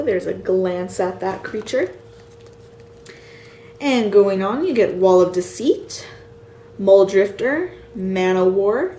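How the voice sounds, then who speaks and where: Tired woman slowly reading card names. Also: mid-range voice, dark tone. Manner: reads card names slowly, unsure of pronunciations. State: tired, yawning. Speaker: card collector showing a set. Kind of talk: casual show-and-tell. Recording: echoey room with faint ambient noise.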